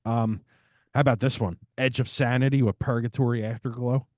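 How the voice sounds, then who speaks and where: Profane, excited man, dry close mic. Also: mid-range voice, a little fast, dry recording. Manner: swears a lot, enthusiastic about records. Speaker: podcast co-host. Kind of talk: casual chat.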